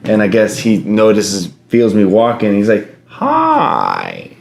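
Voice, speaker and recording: A man's voice: on the low side, flat delivery, normal speed, echoey room, a crowd in the background. A young man co-hosting a podcast, telling a story in casual slang and swearing freely. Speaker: podcast co-host. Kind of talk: casual chat.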